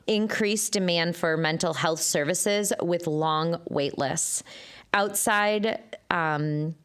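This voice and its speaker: A woman with a smooth, clear voice gives school updates at a public board meeting. She reads in a steady report style, sits a little low in pitch, and hurries through parts. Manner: steady reporting, speeds up at times.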